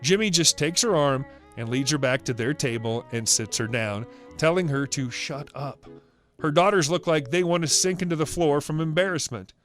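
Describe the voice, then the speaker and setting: A man in scripted narration, reading out a story with a brisk storytelling manner. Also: on the high side, fairly bright tone.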